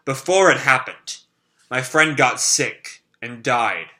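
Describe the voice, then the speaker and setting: A man voicing a calm male swordsman who makes his foes cry, speaking slowly and evenly. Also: medium pitch, exaggerated voice. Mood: measured.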